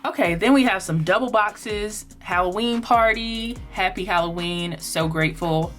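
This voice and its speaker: A woman's voice: medium pitch, moderate pace, fairly bright tone, faint music behind. A woman casually narrating a sticker book flip-through, chatty and upbeat with frequent ums and likes. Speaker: planner sticker vlogger.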